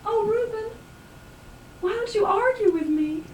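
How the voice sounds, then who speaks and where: A woman's voice: extremely high pitch, lively intonation, unhurried, background noise. Woman doing a weary, pleading woman. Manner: plaintive, despairing. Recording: roomy, distant live VHS recording.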